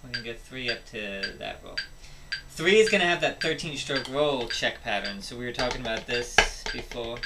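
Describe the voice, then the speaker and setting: A man with a medium-pitched, lively voice gives a drum lesson at a moderate pace, explaining each step and counting rhythms out loud. The recording is very noisy, with loud drumming and music behind him.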